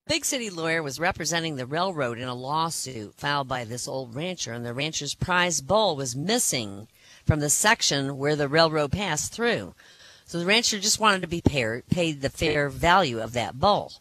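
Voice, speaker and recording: An animated joke teller with a bright voice that moves a lot in pitch. The delivery is a folksy storytelling style, told casually to a small group. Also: no room sound. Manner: animated storyteller who laughs at their own punchlines. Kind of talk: telling jokes to a small group.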